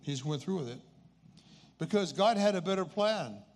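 A man's voice: sits high, animated, normal speed. A man in his eighties telling a personal story as a faith testimony in an earnest, conversational way. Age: 80s. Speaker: speaker sharing a personal testimony.

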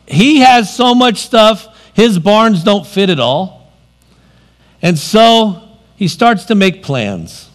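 A man preaching a sermon, expressive, moving between loud emphasis and quiet, dropped asides. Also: high voice.

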